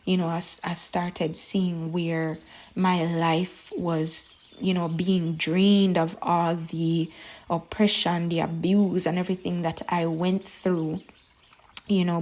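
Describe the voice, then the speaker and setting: A young woman recounts her faith testimony, earnest and halting, pausing often and filling gaps with small fillers. Her voice sits a little low for a woman. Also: darkish tone. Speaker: testimony speaker.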